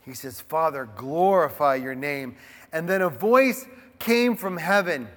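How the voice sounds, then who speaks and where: A man's voice: fairly high pitch, lively intonation, a little slow, a bit bright, long reverb tail. A man preaching a sermon in a casual, conversational way, with frequent rhetorical asides to the congregation. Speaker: pastor.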